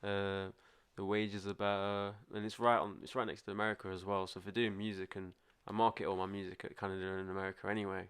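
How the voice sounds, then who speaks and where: A man's voice: deep voice, level tone, quick pace, few pauses, a bit bright, clean tone. A man who is a musician, chatting easily on a podcast, giving short agreeing replies and laughing easily. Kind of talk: casual podcast chat.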